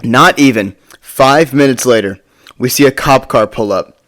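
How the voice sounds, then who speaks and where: A storytime vlogger with a medium-pitched, slightly bright voice talks unhurriedly. His casual story rambles, with frequent stammered restarts as he stumbles over words and swears offhandedly.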